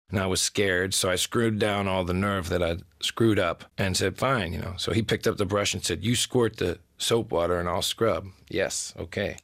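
A man's voice: sits low, vocal fry, a bit bright, dry recording. A man telling a comic story in a dry, wry, self-deprecating way.

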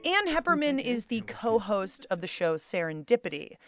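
A woman hosts a radio-style podcast show with bubbly, playful energy. Her pitch swoops widely from high to low as she talks. A faint music bed plays behind her. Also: very animated, normal speed, fairly bright tone. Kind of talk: lively radio hosting.

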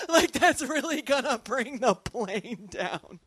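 A stand-up comedian in their thirties telling jokes in an animated way and acting out other people's voices. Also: medium pitch, unhurried, dry recording.

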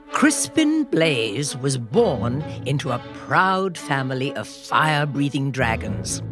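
A woman host reading a picture book aloud to children in a slow, expressive storytelling voice. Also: rumbling low. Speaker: children's podcast host and reader. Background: soft music.

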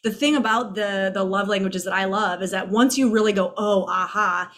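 A woman co-hosting a podcast, talking with a therapist's affirming, encouraging manner about relationships. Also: medium pitch. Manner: warm, affirming, quick to agree. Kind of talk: casual advice chat.

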